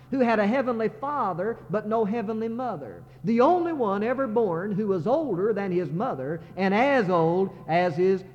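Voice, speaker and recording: Preacher man, high voice, echoey sanctuary. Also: darkish tone. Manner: preacherly, building to impassioned crescendos. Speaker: pastor. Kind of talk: sermon. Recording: muffled sermon recording in a reverberant sanctuary.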